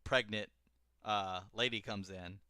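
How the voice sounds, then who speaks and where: Young man, casual podcast chat, rambling, swearing, lowish bright voice, dry sound. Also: steady tone, takes it slowly, smooth, no echo. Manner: rambling, laid-back, heavy on fillers and swearing. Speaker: podcast co-host.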